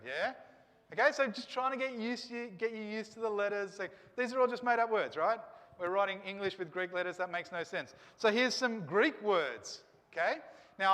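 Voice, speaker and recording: A man's voice: sits high, fairly bright tone, big-room sound. A man teaching a class to read Greek letters, coaxing students with questions and encouragement.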